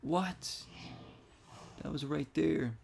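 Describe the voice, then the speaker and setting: A man's voice: mid-range voice, steady tone, normal speed, slight background noise. Chatty man commentating his gameplay. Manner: chatty, reacts aloud to the game. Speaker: gaming streamer.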